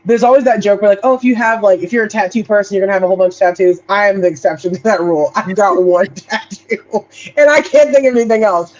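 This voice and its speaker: A woman's voice: mid-range voice, fast, darkish tone, dull audio. A woman co-hosting a podcast in casual chat, laid-back and rambling with frequent fillers and easy laughter. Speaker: podcast co-host.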